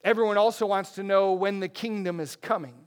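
A man's voice: sits high, fairly even intonation, fairly quick, clean tone. A man preaching a sermon, reading scripture verses with earnest emphasis and a few self-corrections. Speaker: pastor.

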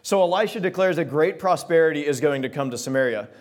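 A man preaching a sermon, retelling scripture passages in casual modern words and reading the old verses slowly. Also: fairly high pitch, animated. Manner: reads King James verses slowly and solemnly. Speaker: pastor.

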